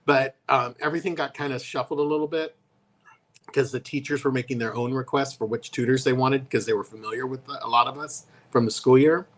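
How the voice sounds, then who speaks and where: Chatty man telling animated stories. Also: mid-range voice, fairly quick. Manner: animated storytelling with voiced quotes. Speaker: co-host. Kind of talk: casual chat. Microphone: live stream.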